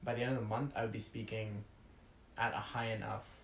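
A man's voice: lowish voice, level tone, a little fast, creaky, slight background noise. A man co-hosting a podcast, telling travel stories in casual chat and laughing as he goes. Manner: storytelling, laughs when amused. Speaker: podcast co-host. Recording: echoey room.

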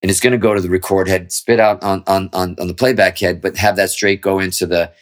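A middle-aged man with a very low, deep voice speaks as a guest guitarist in an easygoing interview. He talks candidly and at length, swearing freely as he works through his ideas. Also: fairly even intonation, fast. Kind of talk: casual interview chat.

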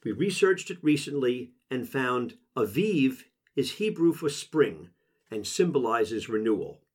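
A middle-aged man narrating a memoir audiobook in an emotional, intimate, measured way. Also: mid-range voice, very animated.

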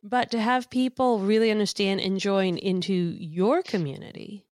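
A woman's voice: medium pitch, moderate pace, a little mellow, no echo, studio quality. A woman hosting an interview, affirming and encouraging toward her guest. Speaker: host. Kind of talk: interview conversation.

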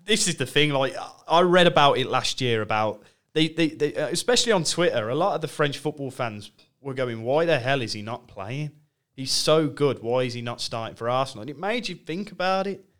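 A man's voice: medium pitch, lively intonation, fairly quick, a bit bright. A man co-hosting a football podcast, chatty and opinionated, often stumbling over his first words. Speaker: podcast co-host. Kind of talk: casual football chat.

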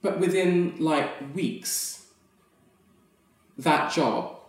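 A woman's voice: low-pitched, very slow, recorded from a distance. A woman, an actress and podcast guest, telling a personal story frankly and animatedly, laughing often. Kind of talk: candid storytelling in conversation. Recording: very echoey room, off mic.

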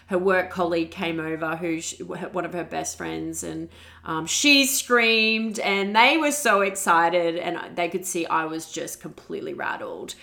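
A woman's voice: lowish voice, a little slow, creaky, pushed and bright. A young woman hosting a podcast, telling her own story candidly and emotionally, and acting out her past words. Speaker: podcast host. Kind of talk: personal storytelling.

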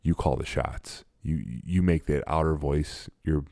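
A man's voice: extremely low pitch, unhurried, gravelly, few pauses, dark tone, no room sound, clean studio sound. A man in his forties, a guest in a casual interview, talking in a blunt and emphatic way. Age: 40s. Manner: blunt and emphatic, self-described sarcastic.

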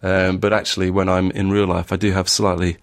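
Hesitant northern English man, low voice. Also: flat delivery, brisk. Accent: northern English, mild. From northern England. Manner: hesitant, many restarts and ums. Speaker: podcast host and novelist. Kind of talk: casual podcast chat.

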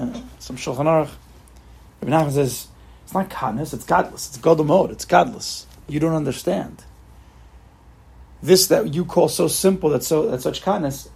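A man with a somewhat high, gravelly voice teaches a Torah class in a relaxed spoken way. His husky tone carries through frequent restarts and rhetorical questions, with Hebrew terms mixed into his talk.

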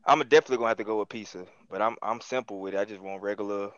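A man's voice: fairly low pitch, fairly even intonation, very fast, clean tone, no room sound, muffled recording. A man in a casual group chat, speaking plainly, stammering a little and swearing for emphasis.

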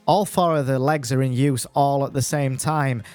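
A man reading a list of facts in a deliberately dry, deadpan voice with wry asides. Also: medium pitch, clean tone. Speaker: podcast segment contributor.

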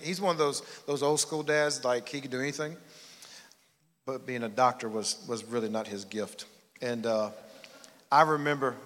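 A pastor in his 40s preaches a sermon as folksy, self-deprecating storytelling. His medium-pitched voice is a bit bright, echoing with long church hall reverb.

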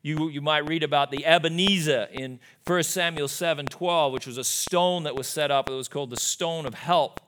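A man's voice: on the high side, normal speed, hardly any pauses, fairly bright tone. A male pastor preaching a sermon in a church, emphatic, with frequent rhetorical asides to the congregation. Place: church sanctuary. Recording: live church recording with background noise.

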